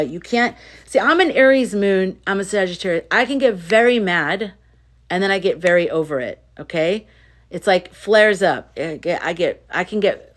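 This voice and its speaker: A woman's voice: mid-range voice, fairly bright tone. A woman hosting a casual livestream, chatting and reading viewer comments in an emphatic way, often repeating herself. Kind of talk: casual live chat.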